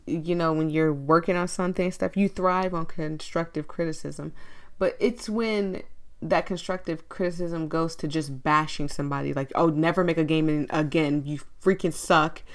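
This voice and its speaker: Chatty woman streamer with a lower voice. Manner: chatty and animated, quick to gush and react. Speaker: streamer playing an indie game. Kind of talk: let's play commentary.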